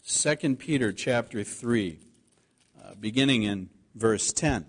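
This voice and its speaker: A man preaching a sermon, reading scripture aloud and slowing down to stress the key words. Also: lowish voice, husky. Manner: earnest preaching, slows to stress scripture quotes. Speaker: pastor.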